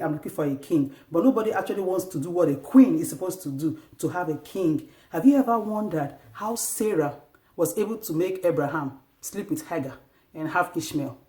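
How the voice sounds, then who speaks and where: A woman giving earnest, faith-based marriage advice to wives, exhorting them and acting out little home scenes. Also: fairly low pitch. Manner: earnest and exhortative, acts out scenes with sharp raised outbursts. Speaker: Christian marriage advice vlogger. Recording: echoey room.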